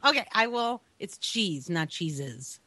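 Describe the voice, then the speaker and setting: A woman's voice: lowish voice, big pitch swings, slow, bright, forceful tone, no echo. A woman co-hosting a gaming podcast, playful and often laughing as she rambles through casual banter. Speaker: podcast co-host.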